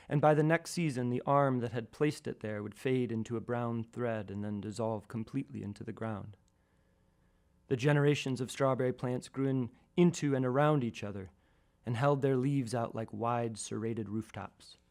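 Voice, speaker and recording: Man reading a wry story calmly. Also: mid-range voice. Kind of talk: first-person radio essay reading.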